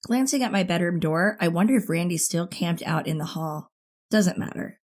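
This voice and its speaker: A woman narrating a first-person teen thriller audiobook in an expressive, intimate way. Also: lowish voice, fairly quick.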